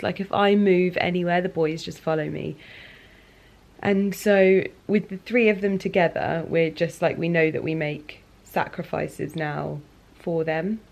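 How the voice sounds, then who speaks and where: Soft-spoken woman with a gravelly low voice. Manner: soft, confiding, many "like" fillers. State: emotional, near tears. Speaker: lifestyle vlogger. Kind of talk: casual reflective chat. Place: living room sofa at night.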